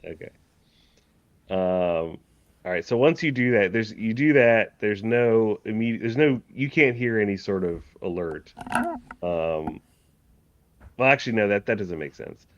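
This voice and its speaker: A man's voice: on the low side, measured pace, pauses often, muffled recording. A man narrating as game master of a tabletop game, rambling and correcting himself, often laughing.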